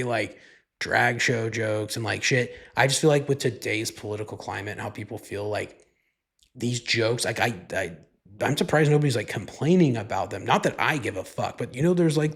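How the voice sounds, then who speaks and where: A man's voice: medium pitch, slightly rough. A man hosting a podcast, talking in a casual, rambling and profane way, with "like" in nearly every sentence. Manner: rambling, profane, heavy use of "like". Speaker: podcast host. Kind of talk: casual solo podcast monologue.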